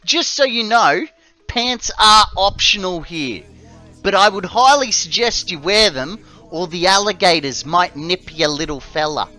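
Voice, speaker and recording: Man doing a high, over-the-top Aussie larrikin with a broad Australian accent, playful and bright. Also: expressive, measured pace, faint music behind, heavily acted. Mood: cheeky. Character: exaggerated broad Aussie bloke, cheeky greeter.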